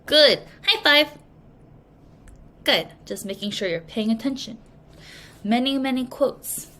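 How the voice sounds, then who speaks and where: A woman English teacher giving a recorded reading lesson, explaining slowly and patiently to young students. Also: sits high, expressive, pushed and bright. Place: language academy.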